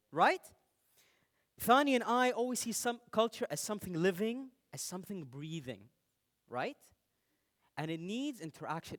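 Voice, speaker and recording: A young man from the United Arab Emirates gives a talk on stage before an audience. His voice sits high and swings widely in pitch as he jokes and calls out to listeners. The delivery is animated and playful throughout. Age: young adult. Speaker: speaker.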